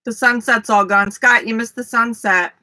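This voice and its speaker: A woman's voice: fairly high pitch, steady tone, moderate pace, sharp tone. A woman hosting a casual livestream, chatty, talking to viewers by name and laughing easily. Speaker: livestream host. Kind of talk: casual live chat with viewers.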